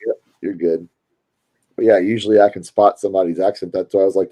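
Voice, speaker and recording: A man's voice: low voice, steady tone, fast talker, dark tone. A man with a Louisville Kentucky accent, chatting casually and rambling to his stream viewers. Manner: rambling, chatty, self-interrupting.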